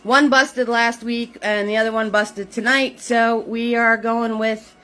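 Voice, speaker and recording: Upbeat chatty woman, fairly high voice. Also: fairly even intonation, unhurried, fairly bright tone, faint music behind. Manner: upbeat and chatty, repeats greetings and calls viewers sweetheart. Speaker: painting class host. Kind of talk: live-streamed painting lesson.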